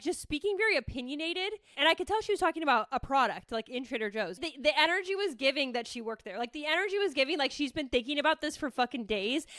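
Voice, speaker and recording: A woman in her thirties hosting a podcast, telling a story in a playful, profane, animated way. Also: high voice, dry recording, clean studio sound. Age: 30s. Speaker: podcast host. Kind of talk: casual solo storytelling.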